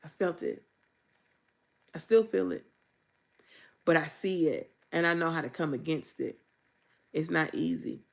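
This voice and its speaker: Woman, faith vlogger, gravelly, lower voice, emphatic and raw. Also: unhurried, pauses often. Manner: raw, emphatic, preachy, repeats phrases. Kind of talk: candid faith vlog.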